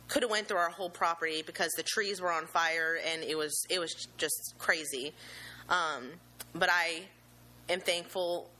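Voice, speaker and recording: A young woman nervously recounting a frightening event she saw, halting and earnest, with many pauses and restarts. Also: lowish voice, pushed and bright, poor audio. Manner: earnest and emotional, with religious gratitude. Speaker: eyewitness telling her story. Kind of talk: personal account, unscripted.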